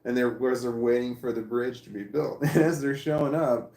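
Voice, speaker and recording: A man's voice: mid-range voice, steady tone, normal speed, a little mellow. A man casually telling a long rambling story, laughing often and swearing now and then. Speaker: vlogger. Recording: echoey room.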